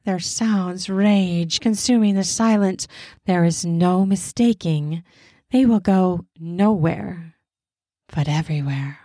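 A woman reads an adult story aloud in an unhurried, intimate way, lingering on each phrase. Her voice sits at an ordinary middle pitch and is recorded close and dry, with no room sound around it. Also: warm tone, no room sound. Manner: slow, intimate reading. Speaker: narrator. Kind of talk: scripted erotic story narration.

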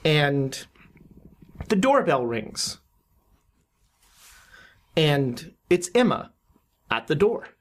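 A game master narrating a horror tabletop game, often pausing and restarting sentences. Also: medium pitch, sing-song. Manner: halting, with many restarts and fillers.

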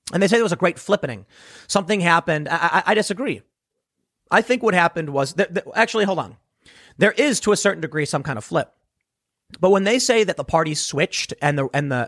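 A man's voice: on the high side, fairly bright tone, no echo, clean studio sound. A man delivering an opinionated monologue commentary, talking emphatically with restarts and rhetorical questions. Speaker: political commentator.

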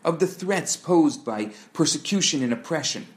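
A man in scripted narration, teaching a Torah lesson in a measured, explanatory way and posing rhetorical questions. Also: fairly high pitch, animated.

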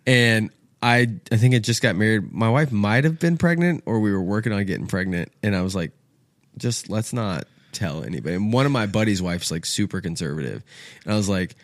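A man's voice: fairly low pitch, brisk, no echo. A man in his thirties with a drawl spins a rowdy tale in loose, casual chat. He jumps into other people's voices for the quotes and swears without a second thought. The sound is dry and close to the mic. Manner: animated storyteller acting out quotes with swearing. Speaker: podcast guest, golf apparel co-founder. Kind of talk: casual storytelling.

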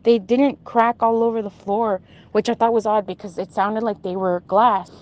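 A woman casually retelling a vivid dream, halting with restarts and asides. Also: mid-range voice, steady tone, a little mellow, highs cut off. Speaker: storyteller.

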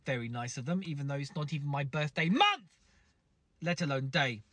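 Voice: medium pitch, lively intonation, a little fast, a bit bright, dry recording. Wry podcast host. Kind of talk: comic podcast quiz links.

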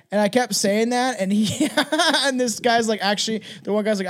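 A man's voice: very high voice, steady tone, fast, hardly any pauses. A man hosting a podcast, telling a rambling, profane story in casual chat and laughing as he talks. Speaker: podcast host.

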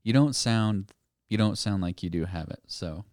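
A man co-hosting a spooky-themed podcast, chatting casually and wandering through his thoughts with small restarts. His voice sits a little low and sounds smooth and clear. The close mic gives a dry sound with no room around it. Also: normal speed, no echo. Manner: relaxed, meandering, hesitant with restarts. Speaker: podcast co-host. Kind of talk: casual chat.

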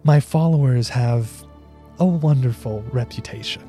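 A man voicing a haughty, scheming noblewoman villain in a tabletop game, high and self-satisfied. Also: unhurried, mellow, soft background music, natural voice. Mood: smug.

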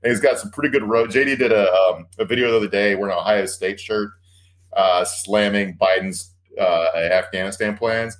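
Low-voiced man chatting with amusement. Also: moderate pace. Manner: amused, rambling, laughs often. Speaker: podcast co-host. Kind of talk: casual chat.

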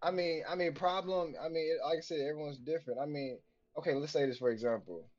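A man's voice: fairly high pitch, fast talker, a little mellow, highs cut off. A man co-hosting a podcast, telling long rambling stories full of slang, profanity and fillers in casual banter. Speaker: podcast co-host.

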